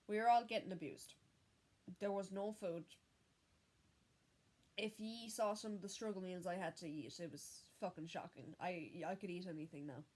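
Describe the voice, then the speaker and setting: A young woman talks straight to the camera in an unedited vlog, pitched in an ordinary middle range. She speaks candidly and swears freely, often stopping and restarting her sentences. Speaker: vlogger. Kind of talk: unedited personal storytelling.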